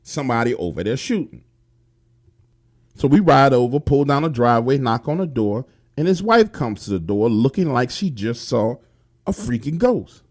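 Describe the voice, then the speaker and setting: A man's voice: mid-range voice, animated, normal speed, darkish tone. A man telling a first-person true horror story in casual, profane street slang, speaking directly to the listener. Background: faint music.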